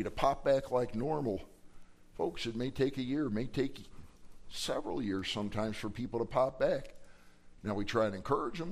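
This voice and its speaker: Guy preaching at church, lively sermon, acts out the bible folks with big swings in voice. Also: mid-range voice. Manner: preaching with dramatic acted quotes. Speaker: pastor. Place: church sanctuary.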